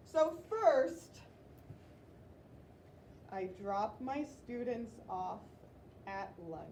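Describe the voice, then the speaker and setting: A woman teaching a writing lesson to young children, sounding out words slowly in a classroom. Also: a little high, animated, a little mellow. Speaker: elementary school teacher. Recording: roomy, distant classroom mic with background noise.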